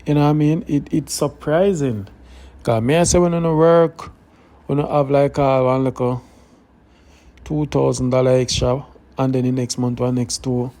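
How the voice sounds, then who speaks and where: A man's voice: medium pitch, fairly even intonation, moderate pace, warm tone. A man with a Jamaican accent hosting a live stream, talking earnestly and directly to his viewers, thinking aloud. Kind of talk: casual live stream talk.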